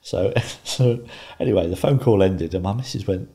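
A man in his fifties, a guest on a podcast, telling a story calmly and wryly, often laughing. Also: deep voice, normal speed. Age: 50s. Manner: calm, wry, laughs while telling a story. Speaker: interview guest.

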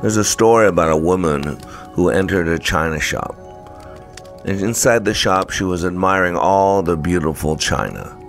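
A man telling a story in a low, measured and unhurried way. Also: soft background music. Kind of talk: spoken storytelling.

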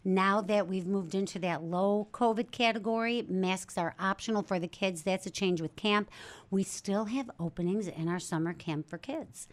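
A woman's voice: medium pitch, moderate pace. Animal shelter spokeswoman, casual chatty guest, enthusiastic, restarts a lot. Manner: chatty, self-correcting, enthusiastic. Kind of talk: casual studio interview.

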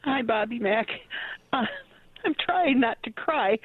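A woman's voice: on the high side, lively intonation, unhurried, pauses often, breathy edge, no room sound. A woman calling in to a radio show, talking emotionally and gushing, with frequent laughter. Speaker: caller. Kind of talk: call-in radio chat. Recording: dull dry phone-line sound.

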